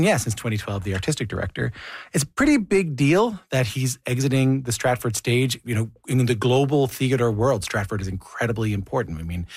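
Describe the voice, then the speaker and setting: A man's voice: medium pitch, slightly rough, no room sound, studio quality. A man hosting a radio interview show, talking in a casual, chatty way. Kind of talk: hosted radio interview with intro monologue. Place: radio studio.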